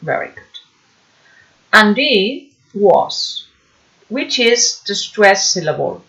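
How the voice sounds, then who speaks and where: A woman teaches a beginners' English class at an unhurried, deliberate pace. She speaks at a middling pitch and keeps checking that her students follow. The recording is dull and lo-fi. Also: big pitch swings, a bit bright. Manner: slow and patient, checking understanding with "hmm?". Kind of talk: online class lesson.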